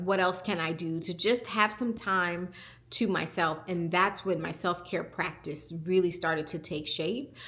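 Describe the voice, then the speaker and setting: A woman in her forties, a communication coach, telling a candid personal story in a home vlog, reflective and quick to laugh. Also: on the low side, a bit bright.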